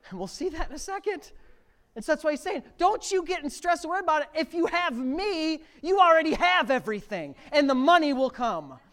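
A man's voice: very high-pitched, sing-song, a little fast. Male pastor preaching with big surges. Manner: preaching with sudden loud rises to near shouting. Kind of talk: sermon.

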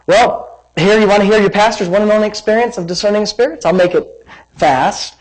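A man preaching a sermon as pastor, reading scripture with lively emphasis and wandering into personal asides. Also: high-pitched, fairly quick, low-quality recording. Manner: animated, dramatic scripture reading with rising emphasis; rambling asides and self-corrections.

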